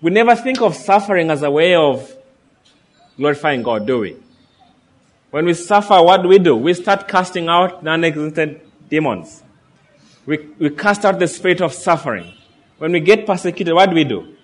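A man's voice: a little high, big pitch swings, moderate pace. A man preaching a sermon, reading scripture aloud and earnestly asking his listeners questions.

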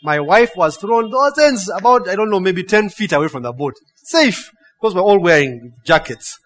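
A man with a high voice preaching a sermon. His delivery is animated and full of stories, and he keeps asking the congregation "huh?" and "yeah?" to draw them in. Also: moderate pace. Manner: storytelling with laughs and playful acted quotes. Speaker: pastor. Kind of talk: sermon with a personal story.

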